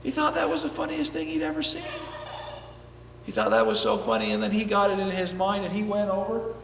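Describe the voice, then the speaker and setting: Brief: lively male storyteller, high-pitched, heard from afar in a reverberant hall. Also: brisk, a little hiss or hum. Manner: lively, playful, shifting voices for characters. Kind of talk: animated folk tale storytelling. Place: festival stage. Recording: echoey hall, mic at a distance.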